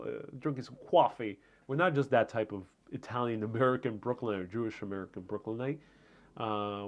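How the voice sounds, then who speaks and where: Streaming live from his home, a Puerto Rican man talks in a mid-range, darkish voice over lo-fi audio. He responds to viewer comments in loose, rambling chat, with lots of fillers and restarts.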